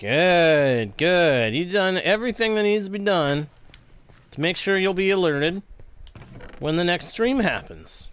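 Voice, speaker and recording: A man's voice: sits high, lively intonation, a little slow, a bit bright, smooth. A man streaming a building game who chats playfully with viewers and mutters to himself as he works. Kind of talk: casual live-stream chat while playing.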